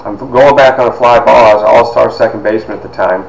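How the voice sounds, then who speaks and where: A man in his fifties from Toledo, Ohio, telling personal stories in an animated, conversational way with frequent asides. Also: mid-range voice, quick pace, vocal fry, a crowd in the background. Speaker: author and speaker. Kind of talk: personal storytelling talk. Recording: echoey room with faint noise.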